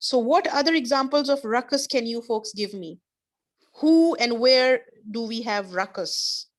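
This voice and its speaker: Woman, online teacher, slightly high voice, patient and encouraging, video call. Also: expressive. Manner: patient, encouraging, explains slowly with examples. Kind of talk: online English class.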